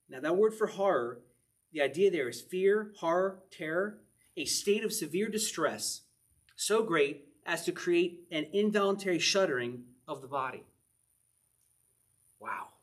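A man's voice: on the high side, lively intonation, normal speed, breathy edge. A man preaching a conversational sermon, reading scripture aloud with emphasis and asking his listeners questions. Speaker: pastor.

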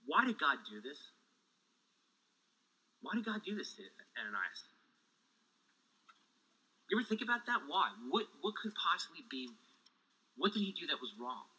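A man preaching a sermon with lively energy, joking asides and heat, sweating as he talks. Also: a little high, moderate pace, long pauses, husky, rough recording. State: sweating, overheated. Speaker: pastor.

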